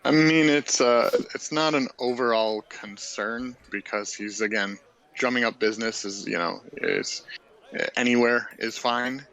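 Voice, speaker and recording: A man's voice: medium pitch, unhurried, fairly bright tone, rough recording. A man narrating a tabletop game casually, rambling with many fillers.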